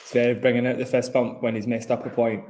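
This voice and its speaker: A man's voice: mid-range voice, level tone, fast, darkish tone. Man, casual co-host, playful, laughs often, live sports chat. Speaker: podcast co-host.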